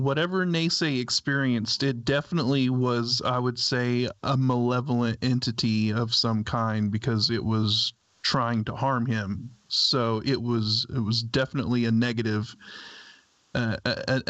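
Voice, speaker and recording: A male co-host weighs his words in casual chat, measured and hesitant. His mid-pitched voice comes through a slightly dull, lo-fi line with no room echo. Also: steady tone, fairly bright tone.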